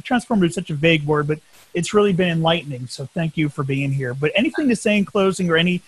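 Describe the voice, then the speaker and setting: A man's voice: fairly high pitch, fast, slightly rough. A man hosting a radio interview, asking questions and thanking his guest in an upbeat way. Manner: upbeat and appreciative. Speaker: radio show host.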